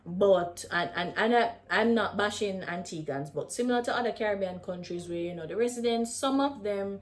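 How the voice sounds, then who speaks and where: Animated Jamaican woman telling a story. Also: mid-range voice, moderate pace. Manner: animated, slips in and out of patois. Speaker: vlogger. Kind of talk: casual storytime.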